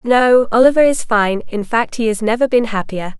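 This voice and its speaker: A woman reading the part of a calm, self-assured woman who answers in a matter-of-fact way. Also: fairly high pitch, moderate pace, clear, resonant tone, no echo, studio quality, natural voice.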